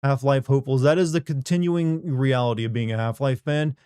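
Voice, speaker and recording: A man's voice: medium pitch, steady tone, a little fast, mellow, clear, resonant tone, dry recording, studio quality. A man hosting a livestream, chatting casually and wryly, rambling while he reads chat aloud. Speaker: livestream host. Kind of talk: casual post-stream chat.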